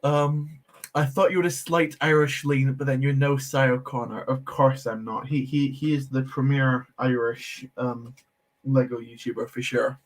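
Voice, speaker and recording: This Lego livestream host talks at a moderate pace in a mid-range, flat voice. He chats casually with his audience while fiddling with a build, quick to laugh and to joke at his own expense.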